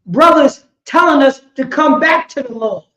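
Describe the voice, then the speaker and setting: A woman teaching a religious law class in an impassioned preaching style, repeating herself with emphasis and swinging between shouts and quiet words. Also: high voice, expressive, moderate pace. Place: indoor meeting room. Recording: roomy, slightly dull lo-fi sound.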